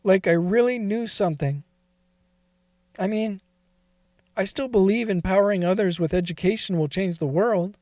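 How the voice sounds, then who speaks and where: A man's voice: high voice, normal speed, pauses often, a little mellow, dry recording, studio quality. A man telling a first-person confessional story in a confiding, emotional way that wavers toward tears.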